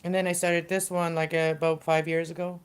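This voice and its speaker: A middle-aged woman chats loosely on her livestream, wandering from thought to thought and stopping to restart. Her voice sits a little low and comes through smooth and clear. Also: flat delivery. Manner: rambling, halting, with many fillers and restarts. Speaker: livestream host. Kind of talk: casual livestream chat.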